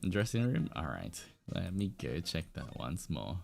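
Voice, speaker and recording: Brief: young male streamer, casual game commentary, slow pace, lively swinging pitch. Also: vocal fry, faint music behind. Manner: puzzled, laughing, thinks aloud.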